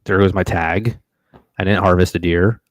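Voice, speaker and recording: Young man, deep low voice, dry close sound, casual profane storytelling. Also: normal speed, dry recording, low-quality recording. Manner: animated, profane, acts out his own reactions. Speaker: podcast host telling a hunting story. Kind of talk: casual storytelling on a live stream.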